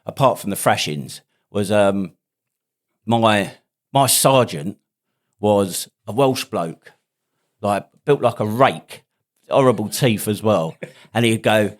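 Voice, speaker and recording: A man, a podcast host and army veteran telling stories in casual, laughing banter. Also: lowish voice. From United Kingdom. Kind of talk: casual chat.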